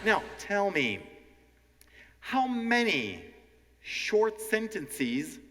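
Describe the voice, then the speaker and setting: An animated man from Ukraine leads a live language lesson like a stand-up act, his bright voice swooping across a lively range. He talks slowly and deliberately, always checking in with the crowd. The sound carries a long reverb from a large hall. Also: sits high. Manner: animated, teacherly, keeps checking in with "okay?". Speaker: language teacher and show host. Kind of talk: live educational stand-up with audience.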